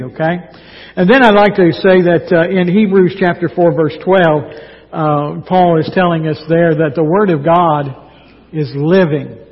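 Man, pastor, folksy sermon, earnest, husky, dull lo-fi recording, long church reverb. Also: fairly high pitch. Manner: folksy, earnest, slow emphatic delivery. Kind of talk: team-preached sermon.

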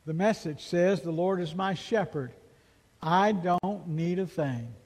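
A man's voice: high voice, slow, a little mellow. A man preaching a sermon as pastor, emphatic and full of rhetorical questions, in a church sanctuary. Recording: long reverb of a large hall.

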